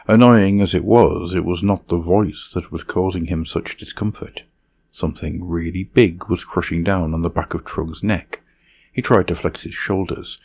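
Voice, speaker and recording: Deep gravelly male fantasy narrator. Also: a little mellow, muffled recording. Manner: measured, dramatic reading. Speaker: storyteller.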